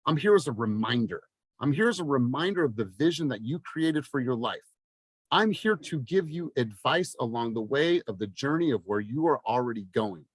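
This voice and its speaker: A man in his thirties coaching a sales team on a video call, passionate and blunt, swearing and rising to near-shouting. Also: mid-range voice, animated, normal speed, no echo. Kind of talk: motivational team meeting talk.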